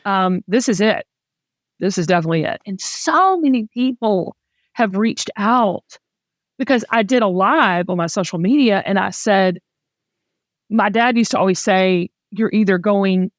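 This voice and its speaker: Southern lady hosting a podcast, talks fast and animated, lots of restarts, dry close mic. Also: mid-range voice, no echo. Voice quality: chatty, animated storytelling with repeated restarts. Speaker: podcast host. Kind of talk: casual chat.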